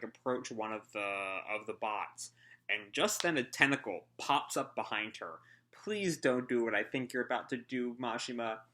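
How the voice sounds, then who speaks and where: Male reaction host, bright voice, loose rambling commentary with fillers and swearing. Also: mid-range voice. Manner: rambling with many ums and uhs; swears casually. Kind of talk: casual live reading and commentary.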